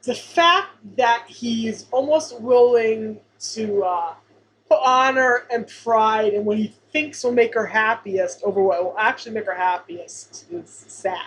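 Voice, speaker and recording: A woman's voice: fairly high pitch, unhurried, a little hiss or hum, poor audio. A woman co-hosting a podcast, chatting casually and emphatically, often repeating her points. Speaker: podcast co-host. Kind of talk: casual chat about a sitcom episode.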